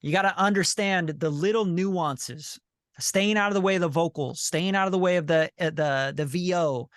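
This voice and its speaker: On a video call, a group leader who coaches sync licensing talks bluntly and profanely to a member, circling back to the same points and often saying "you know what I'm saying". His voice is high-pitched and a bit bright at normal speed, recorded cleanly in a studio with no room sound.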